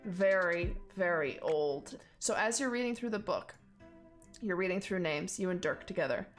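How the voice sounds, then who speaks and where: A woman's voice: fairly low pitch, animated, normal speed, faint music behind. A woman running a tabletop game as dungeon master, describing scenes in a casual way with lots of fillers.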